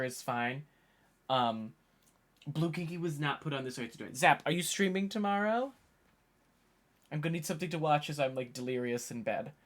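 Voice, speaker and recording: A man's voice: fairly high pitch, a bit bright. Young man, 24, casual stream chatter, rambly, tired worn-out voice, desk mic. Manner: rambling, chatty, thinks aloud. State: tired, voice worn from hours of talking. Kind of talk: casual live-stream chat.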